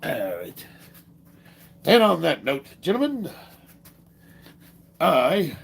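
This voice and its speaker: Gravelly middle-aged man telling profane stories. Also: on the high side, drawn-out words. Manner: profane, joking, animated storyteller. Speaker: strength athlete and fitness streamer. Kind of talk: casual livestream chat and storytelling.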